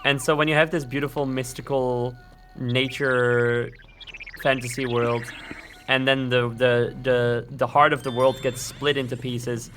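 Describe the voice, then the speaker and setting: A man's voice: mid-range voice, level tone, measured pace, fairly bright tone, a little hiss or hum. A man on a live stream, chatting casually and giving opinions at length about game lore. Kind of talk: casual chat.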